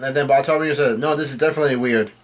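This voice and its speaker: Male reader, mid pitch, casual comic read-through with frequent self-corrections. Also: fairly even intonation, racing. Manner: reads quoted lines in his own voice, often correcting himself. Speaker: manga reader.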